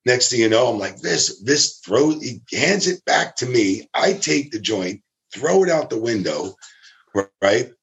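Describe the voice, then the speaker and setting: Guy telling a wild road story, mid pitch, lots of voices for people, cusses and laughs. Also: unhurried, gravelly. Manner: animated storyteller, acts out quotes, swears, laughs. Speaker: storyteller guest. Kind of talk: casual anecdote telling.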